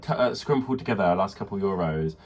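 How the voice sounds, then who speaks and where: A young British man co-hosting a chatty podcast, telling an animated, gossipy story and acting out the people in it. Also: low voice, fast, a little hiss or hum. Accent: British English. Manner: animated, gossipy, acts out voices in anecdotes. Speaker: podcast co-host. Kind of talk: casual storytelling chat.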